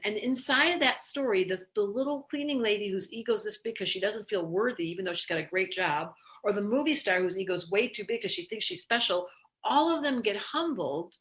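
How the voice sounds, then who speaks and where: A woman astrologer giving a casual, animated spoken lesson, telling candid stories in an expressive way. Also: mid-range voice. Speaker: astrologer teaching.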